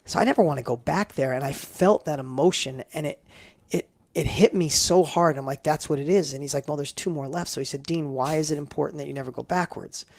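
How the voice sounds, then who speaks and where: Fast-talking gravelly middle-aged man. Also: a little high, darkish tone, no room sound. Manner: emphatic, builds up with repeated phrases. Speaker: guest entrepreneur. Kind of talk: conversational storytelling interview.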